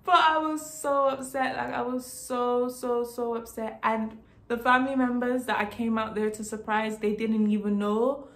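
A woman's voice: fairly high pitch, flat delivery, normal speed, fairly bright tone. A woman from Jamaica telling a casual storytime vlog story, emphatic, repeating herself and laughing between lines. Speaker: vlogger.

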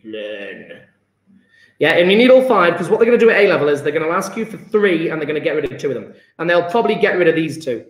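A man's voice: a little high, lively intonation, racing, hardly any pauses. Male chemistry teacher, emphatic and enthusiastic, echoey room. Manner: enthusiastic, emphatic, calls on students by name. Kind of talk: live online lesson with students.

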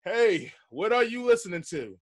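A man hosting a podcast in relaxed, slangy casual chat, laughing often. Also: high-pitched, normal speed. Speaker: podcast host.

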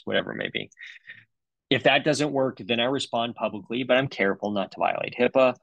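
A man's voice: mid-range voice, a little fast, vocal fry, a bit bright, no echo, highs cut off. A middle-aged man, a dentist, giving a comedic webinar talk in a sarcastic, joking way with loose fillers.

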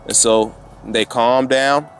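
A man telling a story to camera outdoors with his dogs, getting animated and worked up as he retells it. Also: mid-range voice, slow, faint music behind. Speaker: vlogger and dog trainer.

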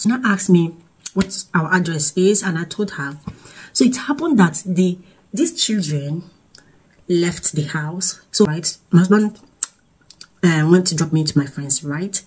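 A Nigerian woman vlogger retelling a story in an emotional, animated way, with restarts and pidgin phrases. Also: low-pitched, unhurried, breathy edge, low-quality recording. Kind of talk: storytime vlog.

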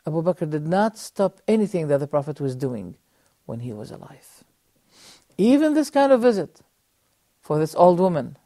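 A middle-aged man teaching a religious lesson on a TV program, telling a story earnestly with measured pauses and rhetorical questions, speaking straight to his audience. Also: fairly high pitch, very animated, mellow, no room sound. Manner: addresses the audience directly. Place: TV studio.

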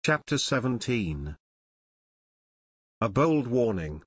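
A man's voice: mid-range voice, slightly rough, no echo. Dry, close male audiobook narrator. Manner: steady, measured storytelling.

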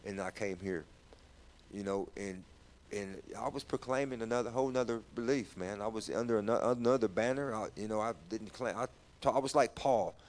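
A man telling his personal testimony in a church talk, halting and repeating words, his voice rising when he is stirred. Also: on the low side, darkish tone. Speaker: guest sharing testimony.

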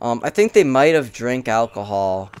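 A man's voice: medium pitch, lively intonation, normal speed, a little mellow, smooth. A young man co-hosting a casual book review while gaming, rambling and slangy, often swearing and getting sidetracked. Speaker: co-host.

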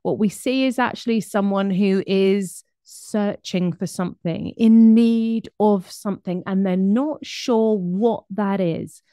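Brief: woman presenter, chatty and animated, mid-range voice, close dry recording. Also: medium pitch, takes it slowly, hardly any pauses, clean tone, dry recording. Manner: lively, conversational, with laughs and asides. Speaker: speaker on behaviour. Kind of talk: presentation to an audience.

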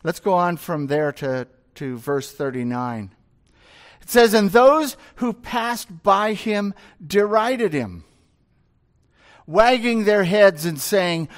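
A man preaching an expository sermon as pastor, speaking deliberately and asking his congregation rhetorical questions. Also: sits high.

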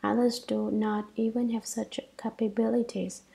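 A woman reads a scripture commentary aloud in a measured, earnest way. Her voice has a gravelly fry and a mellow, dark tone. She keeps the steady cadence of a lecture. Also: a little high, low-quality recording. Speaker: dharma lecture reader. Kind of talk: reading a translated scripture commentary.

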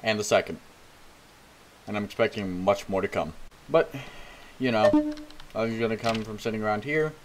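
A man with a lowish voice gives rambling, self-mocking commentary while he plays a horror game. He swears constantly and sounds jittery. Game sounds play clearly behind him. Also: normal speed, long pauses, slight background noise, low-quality recording. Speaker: gaming video host.

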